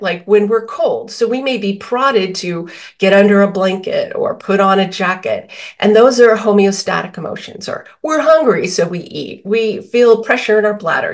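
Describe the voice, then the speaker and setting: A woman guest on a podcast interview, explaining feelings with everyday examples and quoted dialogue. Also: medium pitch. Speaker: author and guest.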